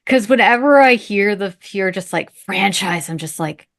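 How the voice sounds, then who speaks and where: Woman film critic, mid pitch, chatty, acts out little quotes. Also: lively intonation, normal speed, gravelly. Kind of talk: casual panel chat.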